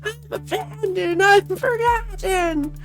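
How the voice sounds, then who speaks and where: A man voicing the wailing, rasping ghost of an abandoned little girl who hisses threats and demands. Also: extremely high pitch, slow pace, fairly bright tone, faint music behind, voice pushed up, exaggerated voice.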